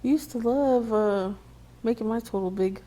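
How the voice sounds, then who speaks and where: Mellow, laid-back woman co-host. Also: fairly high pitch, normal speed. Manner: laid-back, joking, chuckles often. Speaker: podcast co-host. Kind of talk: casual podcast chat.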